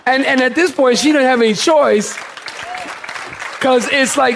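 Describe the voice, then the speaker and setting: A male pastor delivers a sermon to his congregation, mixing scripture with a lively, humorous story. His voice sits high for a man and carries a gravelly edge. He jumps between quiet asides and loud, animated peaks. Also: a little slow, pauses often, a faint crowd, a little hiss or hum. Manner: animated, humorous storytelling with big pitch swings.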